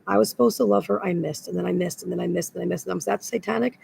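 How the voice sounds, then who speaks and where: A woman's voice: fairly low pitch, very fast, gravelly, darkish tone, slight background noise, rough recording. A woman in a rambling, agitated spoken monologue that loops back on the same words.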